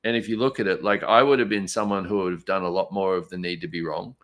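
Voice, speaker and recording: A man's voice: deep voice, steady tone, fast talker, a bit bright. A man in a casual live conversation, talking in a reflective, easygoing way. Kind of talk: casual chat on a live stream.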